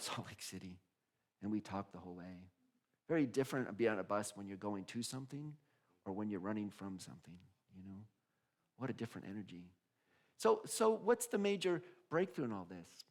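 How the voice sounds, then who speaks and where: A middle-aged male minister giving a sermon, telling a personal story in an animated way, laughing often and acting out other people's voices. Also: medium pitch.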